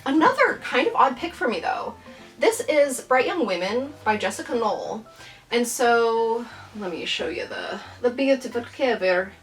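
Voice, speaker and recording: A woman's voice: a little high, very animated, a little slow, a bit bright, faint music behind. A young adult woman hosting a casual reading vlog, chatting about her new books in a playful, rambling, self-deprecating way. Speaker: book vlogger.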